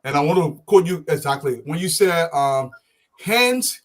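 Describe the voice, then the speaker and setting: A man's voice: a little high, normal speed. A man arguing insistently as a panelist on a political talk show. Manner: forceful, insistent, lecturing.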